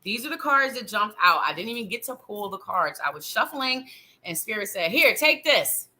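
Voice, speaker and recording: A woman's voice: mid-range voice, expressive, a little fast, pushed and bright, rough recording. A woman hosting a live psychic show, giving tarot readings in a chatty, playful way, talking straight to the viewer and laughing often.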